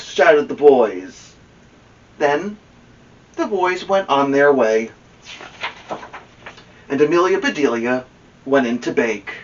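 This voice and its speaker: Guy reading a kids book out loud, slow and sing-song, sounds far off and muffled. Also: medium pitch. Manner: expressive, drawn-out storytelling. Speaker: storybook reader and podcast co-host. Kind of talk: children's story read-aloud. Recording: dull distant recording.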